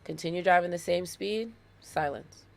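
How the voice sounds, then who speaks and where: A woman's voice: lowish voice, normal speed, vocal fry, heavy background noise. A woman of thirty hosting her own podcast alone, talking casually and playfully, with dramatic repetitions. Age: 30s. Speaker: podcast host. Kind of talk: casual solo podcast monologue.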